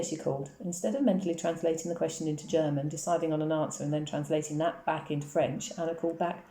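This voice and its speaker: A woman reads a novel aloud in a low, mellow voice, telling the story quickly and steadily. The room is echoey.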